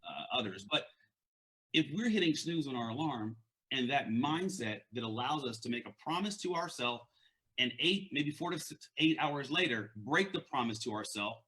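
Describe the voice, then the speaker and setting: A man's voice: mid-range voice, animated, moderate pace, sharp tone. A man with a stutter giving an earnest, conversational motivational talk as a leadership and mindset coach, often repeating words.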